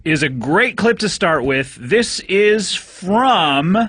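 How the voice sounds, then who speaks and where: A man's voice: sits high, animated, takes it slowly, a bit bright, husky, dry recording, studio quality. A man hosting a comedy podcast, bantering playfully with mock-grand flourishes. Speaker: podcast host.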